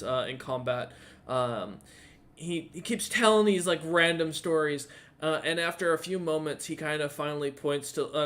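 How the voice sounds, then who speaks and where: A man running a tabletop game as dungeon master, narrating in a loose, rambling way. He stops often for fillers and restarts, his voice a touch higher than most men's. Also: a bit bright.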